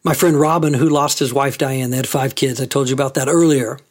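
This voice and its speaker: Husky-voiced male pastor preaching. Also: medium pitch, fairly even intonation, a little fast. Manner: conversational, asks rhetorical questions. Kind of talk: sermon.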